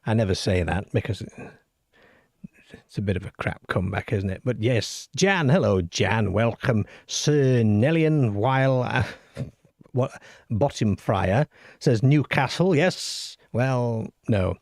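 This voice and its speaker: A middle-aged or older man hosts a late-night show about the unexplained, reading letters aloud and joking with his listeners. His voice is low and gravelly, and the sound is dry and close to the mic. He is wry and self-deprecating. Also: animated, takes it slowly, darkish tone, no echo. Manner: wry, self-deprecating, chatty with the live chat. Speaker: host of a late-night call-in paranormal show. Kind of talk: live-stream chat and reading out listener stories.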